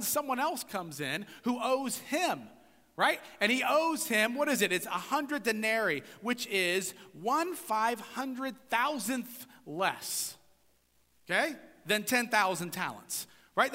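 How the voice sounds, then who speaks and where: A man's voice: extremely high pitch, pushed and bright, in a large hall. A man preaching a conversational sermon as a pastor, often checking in with his listeners through rhetorical questions.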